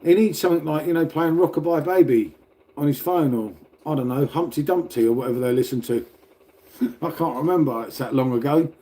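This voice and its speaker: A middle-aged British man livestreams from home, sitting indoors next to a radiator, reading chat and talking casually to viewers as he rambles, laughs, and swears. His voice is on the high side and warm, and he speaks a little fast.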